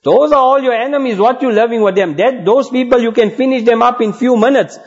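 A man's voice: extremely high pitch, fairly quick, pitched above the performer's own voice. A man voicing a wise, brotherly male lion from the jungle, urging and earnest, in a sermon story. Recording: dull lo-fi recording.

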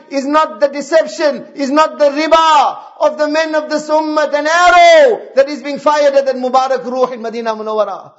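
A man's voice: very high-pitched, dull audio. A male preacher giving an impassioned sermon, piling up repeated rhetorical questions.

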